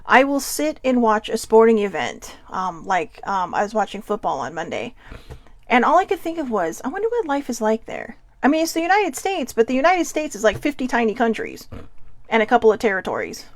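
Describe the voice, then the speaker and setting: A fairly high, gravelly Californian woman talks casually about self-care, rambling from story to story with plenty of fillers. The sound is dry and close, with no room around it. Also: very animated, brisk, no room sound. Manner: rambling, chatty, many fillers and asides. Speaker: host.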